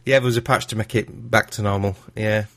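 A man's voice: fairly low pitch, steady tone, fairly quick, vocal fry, fairly bright tone. A man in a casual podcast chat, chatting along and adding details.

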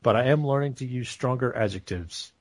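A man, co-hosting a casual podcast chat and explaining things at a deliberate pace. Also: mid-range voice, very noisy. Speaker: podcast co-host.

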